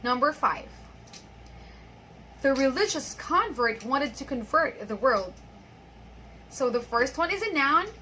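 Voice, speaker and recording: A woman teaching an online English pronunciation lesson, patiently reading example sentences and repeating them slowly. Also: a little high, sharp tone, slight background noise, poor audio.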